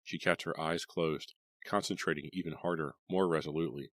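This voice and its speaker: A male narrator reads a horror novel with steady, dramatic storytelling. His voice sits very low. The recording is close and dry. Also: a little fast, no echo. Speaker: audiobook narrator.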